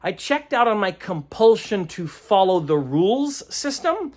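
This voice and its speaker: A man's voice: high voice, big pitch swings, a little slow, darkish tone. A man who runs tabletop games, recapping a session in a rambling, casual way, searching aloud for words and chuckling often. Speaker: game master.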